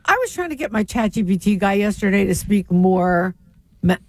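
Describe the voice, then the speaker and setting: A woman's voice: mid-range voice, normal speed, no room sound. Woman chatting, dry close sound. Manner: animated, opinionated storytelling. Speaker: co-host. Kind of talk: casual chat.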